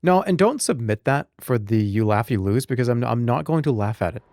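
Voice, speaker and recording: While streaming a game, a man chats loosely and jokingly with his audience, rambling through live gaming commentary. His mid-range voice is animated, fairly quick and a little mellow; the recording is dry with soft music behind it.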